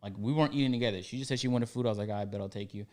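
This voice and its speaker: A man's voice: mid-range voice, rapid-fire, darkish tone. A young man casually telling a story on a podcast, acting out both sides with slang.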